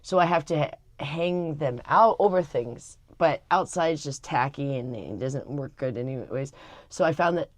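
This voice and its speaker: A woman's voice: sits low, expressive, measured pace, no echo. A middle-aged woman vlogging casually to camera, rambling with many fillers and restarts. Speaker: family vlogger.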